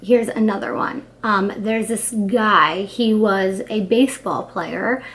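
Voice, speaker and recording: A woman's voice: mid-range voice, slow, a bit bright. Chatty young woman telling stories. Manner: chatty, lots of fillers and asides, acts out quotes. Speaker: YouTuber. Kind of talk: casual storytime chat.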